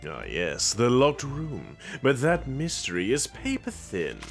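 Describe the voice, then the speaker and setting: A man voicing a pompous British gentleman detective in a put-on British accent, speaking grandly and theatrically. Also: medium pitch, wildly swooping pitch, unhurried, creaky, soft background music, pitched below the performer's own voice, full character voice. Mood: boastful.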